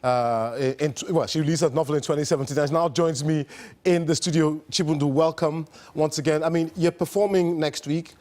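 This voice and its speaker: A man's voice: fairly high pitch, steady tone, a little fast, a little mellow. A man in his late forties hosting a studio radio interview, chatty and self-deprecating, often restarting his sentences. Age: late 40s. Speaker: radio show host.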